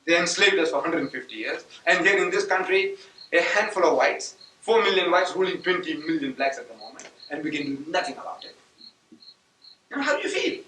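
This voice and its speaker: Man, first language Gujarati, emphatic lecturer, sharp bright voice, echoey hall heard from afar. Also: fairly high pitch, brisk, a little hiss or hum. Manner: rhetorical, emphatic, with sudden loud outbursts. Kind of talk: public religious lecture. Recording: echoey hall taped from a distance.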